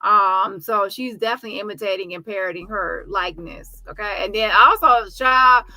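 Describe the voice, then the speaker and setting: A woman's voice: medium pitch, normal speed, sharp tone, no room sound, low-quality recording. A woman hosting a commentary channel, reacting to clips in an emphatic way and stretching out words to stress them.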